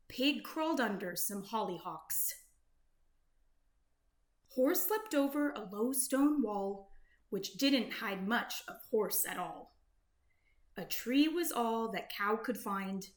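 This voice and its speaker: Slow gentle lady reading a kids' picture book aloud, lively up and down voice, roomy echo. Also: on the high side. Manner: sing-song, gentle storytelling. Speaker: children's book reader. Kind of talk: read-aloud storybook narration.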